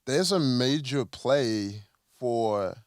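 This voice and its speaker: A man from Chicago, a podcast guest, chatting casually and telling a lively story, often acting out other people's lines. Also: medium pitch, very slow, no room sound, studio quality. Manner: animated storyteller, acts out quoted voices, lots of fillers. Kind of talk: casual interview chat.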